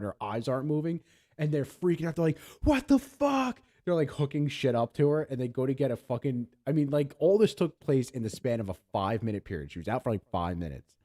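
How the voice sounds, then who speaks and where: A man from Pennsylvania tells a long, loose story on a casual podcast, swearing freely and slipping into voices for the people in it. His voice is mellow and dark, at an ordinary pitch. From Pennsylvania, USA. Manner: rambling, profane, acts out voices in his stories. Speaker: podcast co-host.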